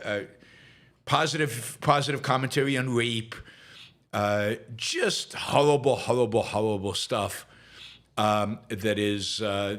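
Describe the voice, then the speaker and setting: A middle-aged man hosting a political commentary show, talking in a halting way with many fillers and restarts, indignant and emphatic. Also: medium pitch, fairly bright tone. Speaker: podcast host.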